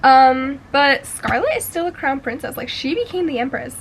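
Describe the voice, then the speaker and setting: A young woman with a fairly high voice reviews books in a casual, gushing way. Her talk is full of slang and swearing, and she sounds fully caught up in the story. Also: animated, moderate pace, slight background noise, rough recording. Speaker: book vlogger.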